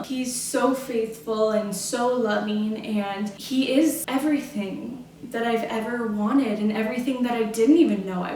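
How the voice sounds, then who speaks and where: A young woman chats earnestly through a casual story-time vlog, her voice sitting a touch high. She is a little off-mic in a very echoey room, with a faint hiss underneath. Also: darkish tone, far from the mic. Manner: chatty and earnest, with frequent "like" and "you know". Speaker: vlogger.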